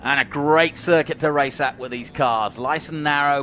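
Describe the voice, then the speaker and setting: Man, co-commentator, a bit higher voice, noisy track sound. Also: normal speed, few pauses. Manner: playful, joking banter. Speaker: race co-commentator. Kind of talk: live motorsport commentary. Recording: steady noise in background.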